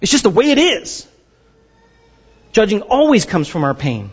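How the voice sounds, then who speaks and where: Guy pastor giving a sermon, jokey and animated, high voice, kinda muffled lo-fi audio. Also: normal speed, breathy edge, in a large hall. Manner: animated and joking, acts out quoted voices.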